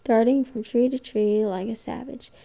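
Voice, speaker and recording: A woman reading a novel aloud with a gravelly voice, steady and even. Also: on the high side, moderate pace. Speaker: reader. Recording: dull lo-fi home recording.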